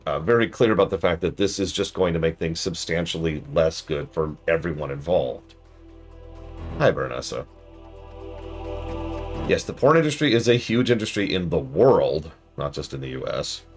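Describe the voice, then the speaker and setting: A man streaming a game review, talking in a sarcastic, ranting way. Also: low-pitched. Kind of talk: casual live-stream commentary.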